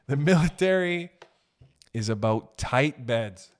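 A young man in a podcast chat, rambling through a comic rant full of swearing. His voice sits at an ordinary middle pitch, and he jumps between topics with offhand asides. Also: slow. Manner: animated, profane, rambling with jokey asides. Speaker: podcast host. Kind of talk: casual comedic podcast rant.

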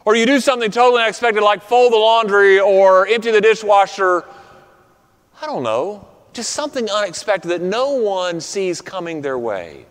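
Pastor, male, high voice, earnest sermon, trailing off soft for emphasis, long church reverb. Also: animated, moderate pace, clean tone. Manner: earnest, drops to soft quiet endings for emphasis. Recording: reverberant hall.

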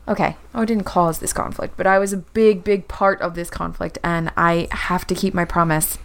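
A woman's voice: mid-range voice, lightly acted. A woman playing a tearful, earnest young woman who pleads and apologizes.

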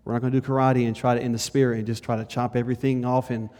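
A male pastor giving a conversational sermon. He moves between lively and hushed delivery and speaks straight to the congregation. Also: mid-range voice, very fast. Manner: conversational preaching, shifts between animated and hushed. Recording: long hall reverb.

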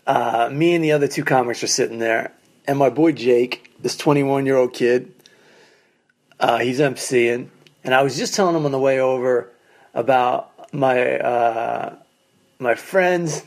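A man's voice: mid-range voice, slow, long pauses. A man who is a stand-up comedian, telling a story as a casual solo monologue in a wry, profane way from a condo basement. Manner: animated, acts out quoted people in raised voices. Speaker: stand-up comedian, podcast host.

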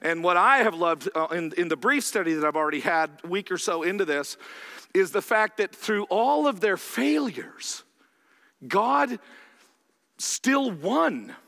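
A man with a high, bright voice delivers a conversational sermon, often stopping to ask his listeners whether they follow. His words ring out with the long reverb of a large hall. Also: lively intonation, a little slow, creaky. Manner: conversational, checks in with rhetorical questions. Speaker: pastor.

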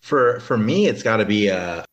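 A man's voice: on the low side, animated, normal speed, dull audio. A man guest on a casual podcast, rambling and hedging as he explains things. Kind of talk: casual chat.

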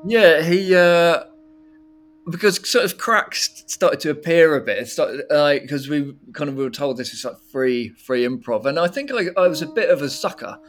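A man's voice: a little high, moderate pace. A man recalling an old music workshop in casual, rambling talk, swearing freely and breaking into laughs. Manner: rambling, swearing, laughing, animated when retelling. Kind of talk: casual conversational storytelling.

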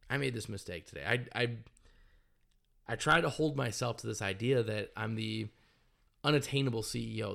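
A man's voice: medium pitch, creaky. A man, a company CEO, speaking in a candid vlog monologue, blunt and emotional and swearing often.

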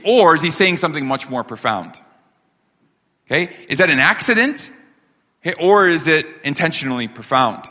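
A man's voice: a little high, sharp tone. Emphatic male preacher in a reverberant hall. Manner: emphatic, rhetorical questions, slows down on key phrases. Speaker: pastor. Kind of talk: sermon.

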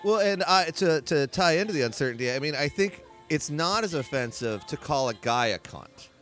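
Faint music plays behind a male podcast host whose slightly high voice is expressive and a bit bright, moving at a normal speed. He's chatting casually in a bar, indoors, rambling with many fillers.

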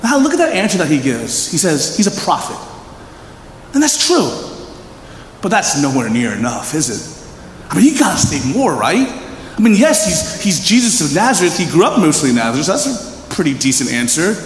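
A man's voice: on the high side, moderate pace. A man from Philadelphia preaching a casual, conversational sermon and often asking the audience questions. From Philadelphia, USA. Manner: animated, chatty, asks the audience questions. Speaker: pastor. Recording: echoey hall reverb, faint room noise.

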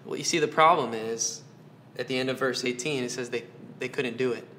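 A man's voice: medium pitch, a little fast, bright, forceful tone, slight background noise. A man preaching a sermon, earnest, asking his listeners question after question and repeating phrases for emphasis. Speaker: pastor.

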